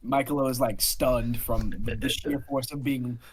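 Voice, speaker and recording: A man's voice: medium pitch, steady tone, moderate pace, a little hiss or hum, poor audio. A man running a tabletop game as game master, talking animatedly into a headset, laughing often and swearing casually.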